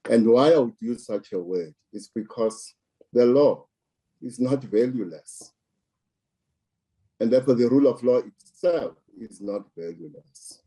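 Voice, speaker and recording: A man from South Africa speaks slowly and deliberately, leaning on repeated words to drive his points home. His voice is deep and dark, with a husky edge. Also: lively intonation. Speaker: political commentator. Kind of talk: measured political commentary.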